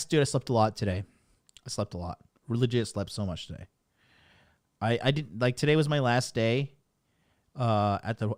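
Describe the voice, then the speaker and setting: A man rants to his stream audience, loose and rambling, cursing freely and talking bluntly. His voice sits at a middling pitch and comes across dry and close, with no room sound around it. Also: dry recording. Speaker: dating coach streamer. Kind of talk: casual livestream rant.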